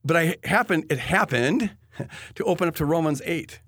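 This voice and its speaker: A man telling a personal faith story in an earnest, halting way, often restarting his sentences. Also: a little high, expressive, a bit bright, no echo, studio quality. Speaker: guest telling his testimony.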